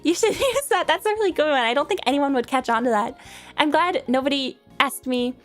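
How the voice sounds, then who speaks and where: Giggly high-voiced woman streamer. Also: a little fast, faint music behind. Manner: giggly, rambling, self-deprecating. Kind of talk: casual chat reading viewer questions.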